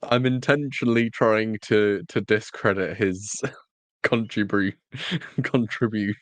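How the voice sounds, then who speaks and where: A man's voice: fairly low pitch, slow, no room sound. A man co-hosting a podcast, chatting casually with wry, teasing humor. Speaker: podcast co-host. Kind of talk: casual chat.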